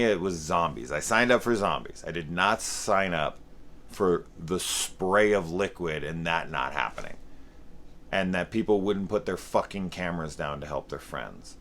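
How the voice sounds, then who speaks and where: A man's voice: deep voice, fairly bright tone, a little hiss or hum. A man in his forties, a film reviewer, ranting sarcastically and swearing freely, mocking scenes with exaggerated quoted voices. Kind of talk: profane, sarcastic rant review.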